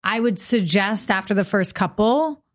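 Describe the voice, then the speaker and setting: A woman's voice: medium pitch, expressive, moderate pace. A young woman in her twenties co-hosting a podcast, chatting playfully, with lots of "like" and teasing asides. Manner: playful, teasing with filler words. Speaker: podcast co-host. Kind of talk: casual chat.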